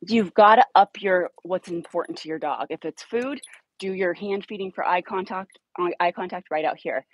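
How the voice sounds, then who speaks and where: A woman's voice: on the low side, moderate pace, poor audio. A woman dog trainer explaining outdoor leash training in a direct, blunt way, working with a puppy in a yard. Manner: direct, blunt coaching with upbeat praise to dogs.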